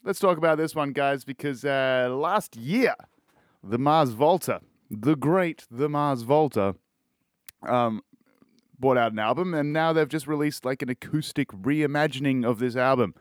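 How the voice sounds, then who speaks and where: A man's voice: medium pitch, measured pace, no room sound, studio quality. A young Australian man hosting a podcast, rambling casually about music and swearing often. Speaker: podcast host. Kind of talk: casual music-review chat.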